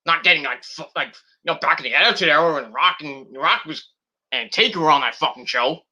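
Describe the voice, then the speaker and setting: A man's voice: a little high, a little fast, bright, forceful tone, dull audio. A young man hosting a wrestling review, ranting heatedly and swearing a lot.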